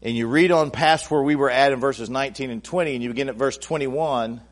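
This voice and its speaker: A male pastor preaching a sermon, talking conversationally to his congregation, restarting phrases and building to loud, emphatic peaks. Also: medium pitch, brisk.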